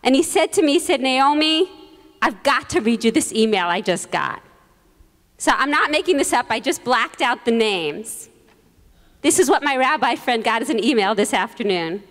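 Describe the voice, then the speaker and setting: A woman rabbi giving a holiday sermon, telling stories with quoted voices and gentle humor. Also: on the high side, animated, moderate pace. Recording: long reverb in a large hall.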